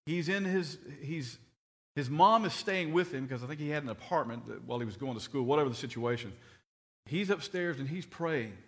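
A middle-aged man preaching, his voice sitting a little higher than most men's. He tells stories earnestly, often circling back and repeating words as he builds his point. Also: a little fast. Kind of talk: sermon.

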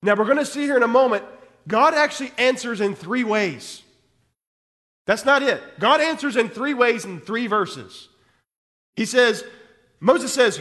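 A male pastor with a notably high voice teaches from scripture, reading verses aloud and explaining them point by point. He keeps checking in with "okay?" as he goes. His voice carries a long reverb, like a big room. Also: animated, measured pace, pauses often, pushed and bright. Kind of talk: sermon.

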